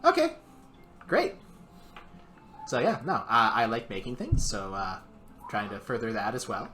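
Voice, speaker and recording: A man's voice: on the low side, huge pitch swings, unhurried, pushed and bright, faint music behind. A man playing his character in a tabletop game, talking hesitantly with many fillers and restarts. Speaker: player voicing his character. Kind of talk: in-character tabletop role-play.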